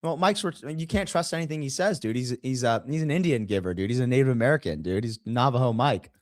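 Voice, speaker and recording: A man's voice: medium pitch, lively intonation, fast, dry recording, studio quality. A man telling a long story in casual chat, swearing often and acting out the voices of the people in it. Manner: profane, acts out the voices of others in his story.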